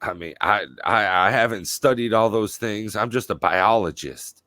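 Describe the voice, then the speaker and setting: A man's voice: fairly low pitch, moderate pace, sharp tone, no room sound. A man hosting a comedy podcast interview, playing along in a mock-earnest way. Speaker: podcast host.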